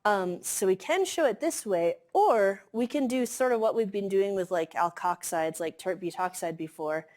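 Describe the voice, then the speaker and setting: A woman's voice: medium pitch, normal speed, a little mellow. A woman giving a chemistry lecture in a classroom, explaining casually with many fillers. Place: lecture hall.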